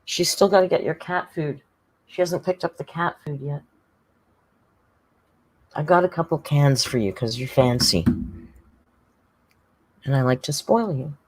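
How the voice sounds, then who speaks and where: A livestreamer chats casually and ramblingly, reading viewer comments aloud, thanking members and talking to a pet cat in between. The mid-range voice is a little slow with frequent pauses, lots of laughter and filler words, and slight background noise.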